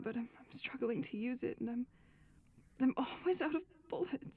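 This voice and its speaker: An actress voicing a frightened young woman trapped in a haunted village, narrating in a hushed, often whispered voice. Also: on the high side. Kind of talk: game voice-over narration. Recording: tinny phone-like sound.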